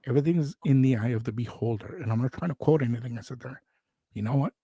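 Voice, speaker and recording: A man telling a personal story in casual chat, animated and acting out what people said. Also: mid-range voice, very fast, breathy edge, no echo. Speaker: radio show host.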